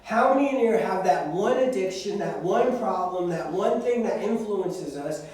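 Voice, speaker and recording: Young male youth preacher, high voice, far mic in a big echoey church hall. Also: expressive, moderate pace, darkish tone. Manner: preaching, acting out prayers. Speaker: youth pastor. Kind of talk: sermon to young people.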